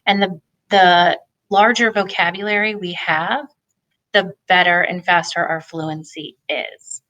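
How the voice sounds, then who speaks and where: A woman's voice: on the low side, steady tone, a little slow, sharp tone, low-quality recording. A woman presenting a reading lesson for parents, explaining in a friendly way with the odd filler. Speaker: family literacy presenter. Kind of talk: instructional talk for parents.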